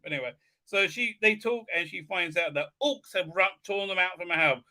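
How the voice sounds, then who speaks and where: Man, live-stream host, high pitch, very sharp tone, sarcastic, profane, halting with fillers. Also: lively intonation. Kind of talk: casual live-stream recap and commentary.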